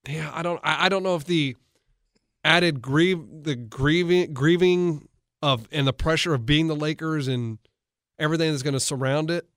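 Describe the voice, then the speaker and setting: Sports-talk co-host, male, highish voice, dry close mic, animated stop-start storyteller. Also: moderate pace, dry recording. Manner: animated storyteller, retells others' words with many restarts. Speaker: coach and co-host. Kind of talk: casual sports talk chat.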